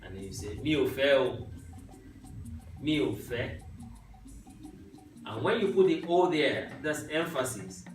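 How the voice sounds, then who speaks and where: Slow, patient man teaching in an echoey classroom. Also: medium pitch, sing-song. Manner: patient, repeats "right?" to check understanding. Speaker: Yoruba language teacher. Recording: echoey room, mic far off, music behind.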